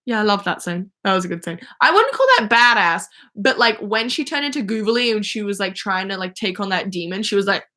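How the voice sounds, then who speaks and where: Young woman livestream host, bright voice, excitable fan rambling. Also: mid-range voice, a little fast, hardly any pauses. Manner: chatty, gushing, many fillers and restarts. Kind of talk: casual fan chat. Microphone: phone or webcam.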